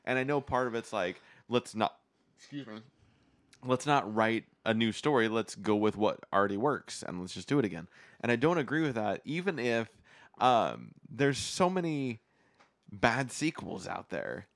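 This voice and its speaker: A man's voice: lowish voice, very animated, moderate pace, a bit bright, no room sound. A man chatting casually as a podcast host, talkative and opinionated, restarting his sentences often. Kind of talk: casual chat.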